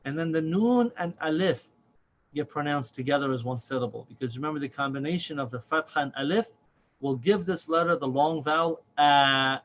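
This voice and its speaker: A man teaching a reading lesson step by step, patient and deliberate, drawing out each syllable slowly. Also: on the high side. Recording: slightly dull audio with faint noise.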